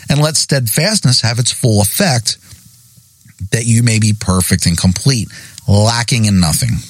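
A man's voice: medium pitch, no room sound. Man, devotional podcast sermon, emphatic repetition, pointed questions, dry close recording. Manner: emphatic, repeats key phrases; asks listeners pointed questions. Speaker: podcast host.

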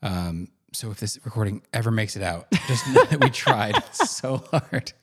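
A man's voice: fairly low pitch, huge pitch swings, normal speed, slightly rough. A man co-hosting a podcast in casual chat, joking, laughing often and restarting his sentences. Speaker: podcast co-host.

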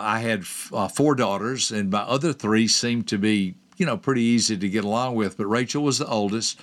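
An older man hosting a podcast, telling a personal story to listeners and asking them direct questions. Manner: lively storyteller, acts out quoted voices with big pitch jumps. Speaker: podcast host and personality teacher.

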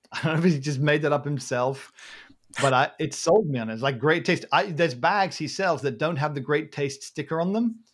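A man hosting a relaxed podcast chat, rambling and self-deprecating, laughing often as he talks. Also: a little high, moderate pace. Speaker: podcast host. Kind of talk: casual chat.

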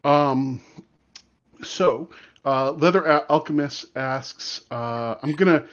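A man's voice: a little high, slow pace. A man hosting a podcast, reading listener questions aloud in a chatty way full of fillers. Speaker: podcast host. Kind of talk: casual podcast Q&A. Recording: slightly dull lo-fi audio.

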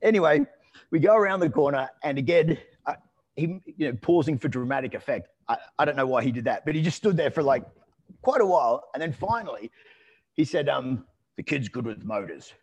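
A man telling a story in a relaxed conversational way, rambling with restarts and fillers. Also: on the high side, brisk, husky. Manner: lively and amused when telling anecdotes.

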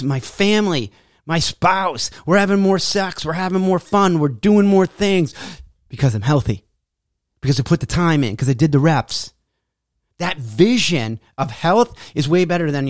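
A man's voice: on the high side, animated, measured pace, no room sound, clean studio sound. A man coaching on fitness in a blunt, preachy monologue that mocks people's excuses. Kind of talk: motivational monologue.

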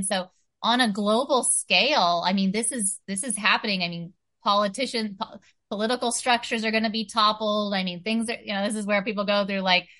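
A woman's voice: mid-range voice, pushed and bright. A woman talking earnestly in a casual spiritual chat, full of "you know" and "like".

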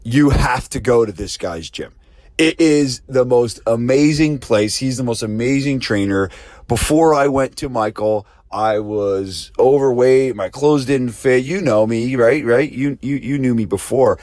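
A man voicing an excited woman who gushes about her gym and trainer in breathless praise. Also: medium pitch, a little slow, dry recording, pitched above the performer's own voice, lightly acted. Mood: gushing. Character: gushing woman, an enthusiastic gym client.

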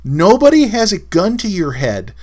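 A man's voice: sits high, wildly swooping pitch, moderate pace, a little mellow. A middle-aged man hosting a solo podcast in a casual, wry and exasperated way, often chuckling. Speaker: podcast host.

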